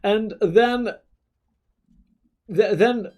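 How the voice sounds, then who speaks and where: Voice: medium pitch, extremely slow, lo-fi sound. A young adult streamer, chatting casually with viewers in a rambling way, full of stammered restarts and offhand swearing. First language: Russian. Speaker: streamer reading chat. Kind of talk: casual live-stream chat.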